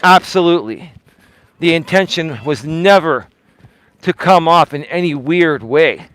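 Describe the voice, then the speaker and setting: A man's voice: a little high, lively intonation, unhurried, fairly bright tone. A man hosting a casual live stream, talking straight to his chat, emphatic and defensive and repeating himself for effect. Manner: talks straight to chat, asks pointed questions. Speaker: livestream host.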